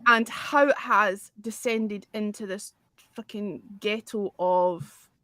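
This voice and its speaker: A woman's voice: mid-range voice, slow, fairly bright tone, dry recording, clean studio sound. A woman, hosting a casual music chat in a blunt, swearing manner. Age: 40s. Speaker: host.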